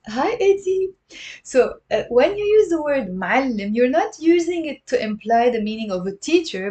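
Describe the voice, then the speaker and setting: A woman's voice: fairly high pitch, darkish tone. Lebanese woman, language teacher on a livestream, patient, repeats words, friendly with viewers. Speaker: Arabic teacher. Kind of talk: live online language lesson.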